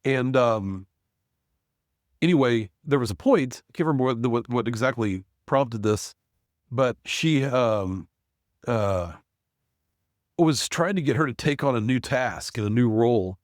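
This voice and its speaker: A man's voice: medium pitch, animated, unhurried, long pauses, no room sound, studio quality. A man in his forties, a podcast guest, telling a work story in casual conversation with lots of fillers and restarts. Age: 40s. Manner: rambling, frequent restarts and fillers. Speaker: podcast guest, business owner.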